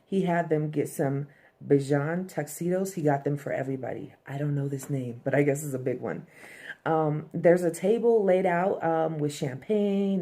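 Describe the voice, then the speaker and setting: A woman's voice: deep voice, dark tone. A woman casually recapping a TV episode for her viewers, chatty, with frequent "um"s and asides to "y'all".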